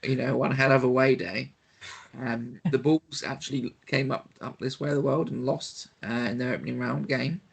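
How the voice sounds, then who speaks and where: A man co-hosting a sports podcast who chats in a relaxed way and steers the talk along to the next topic. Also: medium pitch, moderate pace, vocal fry, breathy edge. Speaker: podcast co-host. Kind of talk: casual sports podcast chat.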